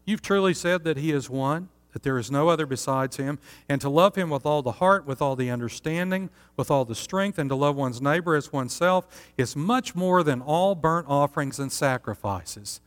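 A man preaching a sermon as pastor, earnest and steady, often asking his listeners rhetorical questions. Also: fairly high pitch, normal speed, few pauses, long reverb tail.

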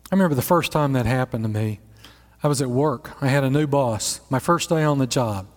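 A man in his sixties, a pastor preaching a sermon in a lively, conversational storytelling manner. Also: medium pitch. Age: 60s. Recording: echoey hall.

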